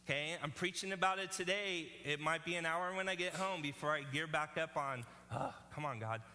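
A man's voice: fairly high pitch, fairly even intonation, a little fast, sharp tone, long reverb tail. A male pastor preaching a sermon in an earnest, conversational way, often checking in with the congregation.

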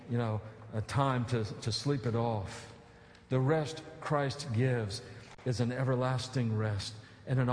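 A man's voice: mid-range voice, darkish tone. A man pastor preaching a sermon, earnest, with emphatic pleading appeals and casual asides. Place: church sanctuary. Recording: echoey church hall.

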